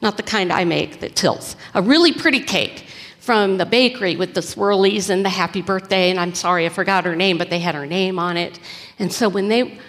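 A woman preacher telling a story in a conversational, animated sermon. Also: medium pitch, a little fast. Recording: echoey hall reverb.

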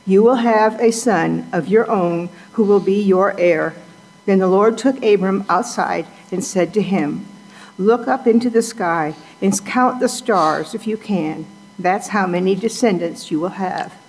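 A woman reading scripture aloud in a church in a measured, careful way. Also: mid-range voice, creaky, darkish tone. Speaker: scripture reader. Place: church sanctuary. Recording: long hall reverb.

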